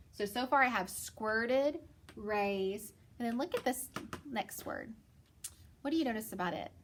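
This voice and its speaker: A woman's voice: mid-range voice, fairly bright tone. A woman teaching a phonics lesson to children, patient and encouraging, asking questions and answering them herself.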